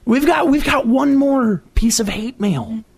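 A man's voice: extremely high pitch, unhurried, vocal fry, a little hiss or hum. A man hosting a casual podcast, joking with guests and often stumbling over repeated words. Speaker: podcast host.

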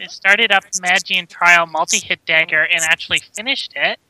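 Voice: medium pitch, moderate pace, pushed and bright, no echo, low-quality recording. A podcast guest chatting casually and listing off recent game progress. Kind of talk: casual gaming chat.

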